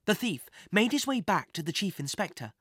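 Lively storybook narrator, bright and dry. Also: mid-range voice, fairly quick, husky, no echo. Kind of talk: scripted children's adventure narration.

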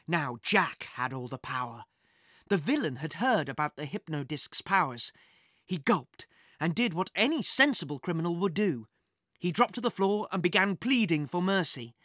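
A narrator reading a children's adventure story with lively, dramatic pacing. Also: medium pitch, no echo, clean studio sound.

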